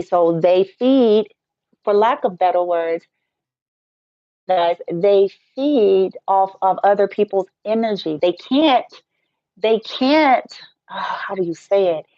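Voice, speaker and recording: A woman's voice: medium pitch, takes it slowly, dry recording. Woman, spiritual healer, casual stream rant, blunt, profane, teasing, dry close sound, somewhat muffled. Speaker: Reiki healer and spiritual teacher.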